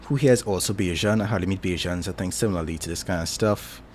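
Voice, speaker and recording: A man's voice: deep voice, fast talker, darkish tone, slight background noise. A Trinidadian man casually chatting with his stream audience, rambling and thinking aloud with lots of filler words. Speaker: streamer answering chat. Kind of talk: casual chat.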